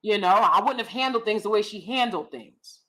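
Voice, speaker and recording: A woman's voice: medium pitch, expressive, moderate pace, fairly bright tone. A woman, hosting a casual opinionated livestream, blunt and sassy, laughing often. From United States. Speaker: livestream host reading chat.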